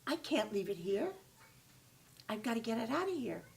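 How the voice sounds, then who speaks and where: A woman's voice: moderate pace, creaky, a little hiss or hum. A woman doing a frantic young boy. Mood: worried. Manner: high, excited and fretful. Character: anxious young boy in trouble. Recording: voice far from the mic.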